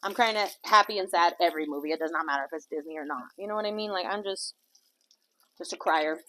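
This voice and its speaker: A woman's voice: on the low side, quick pace, pushed and bright. A woman vlogger and life coach in a home kitchen, rambling candidly through a casual chat full of fillers and swearing. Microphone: small clip-on mic.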